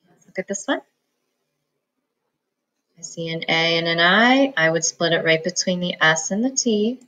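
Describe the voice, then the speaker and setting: A woman's voice: fairly low pitch, expressive, normal speed, sharp tone, rough recording. A woman teaching a phonics lesson, patiently sounding out words syllable by syllable. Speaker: reading teacher.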